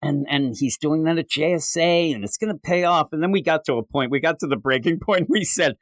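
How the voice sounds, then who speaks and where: On a comic book podcast, this male co-host talks loosely and fairly quickly, wandering off topic and teasing himself. Whenever he quotes somebody, his voice jumps higher, and the sound has no echo.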